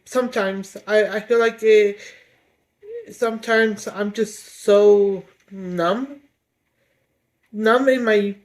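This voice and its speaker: A woman's voice: medium pitch, low-quality recording. A woman vlogging at home, speaking hesitantly with many restarts as she gets emotional. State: getting emotional. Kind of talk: emotional confessional vlog.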